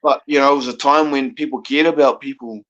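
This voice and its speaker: A man's voice: mid-range voice, fairly even intonation, fast talker, a bit bright. Rambling New Zealand man, lo-fi. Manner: rambling, swears a lot, laughs often. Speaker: guest caller on a live panel. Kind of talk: casual chat. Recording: dull lo-fi sound.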